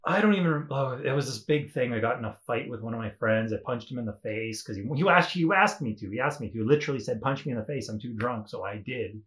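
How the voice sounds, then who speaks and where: A young man spins a rambling, animated story in relaxed conversation. He swears casually and laughs at himself as he goes. His voice sits in an ordinary middle register. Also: medium pitch, quick pace, few pauses. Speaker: podcast guest.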